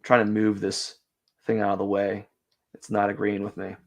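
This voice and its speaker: A man's voice: lowish voice, completely flat delivery, moderate pace, vocal fry. A young man chatting casually on a drawing live stream, rambling with lots of fillers and restarts. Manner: rambling, self-deprecating, many fillers and restarts.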